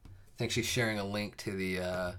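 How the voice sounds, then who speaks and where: A man's voice: on the low side, steady tone, normal speed, a bit bright, slight background noise. A young man hosting a live coding stream, chatting casually with viewers in a rambling way, full of fillers and restarts before the lesson.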